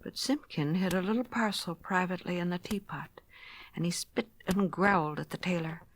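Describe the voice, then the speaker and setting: Woman reading a storybook, hushed and gentle. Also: lowish voice, moderate pace. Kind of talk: storybook narration for children.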